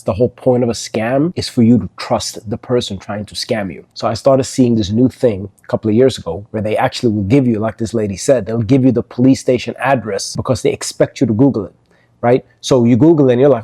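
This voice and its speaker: A man talks through a topic in a plain, conversational commentary voice. His tone is mellow and a little husky, and the sound is dry and close. His delivery stays earnest and explanatory. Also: medium pitch, a little fast, no echo. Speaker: host reacting to clips. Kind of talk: casual commentary.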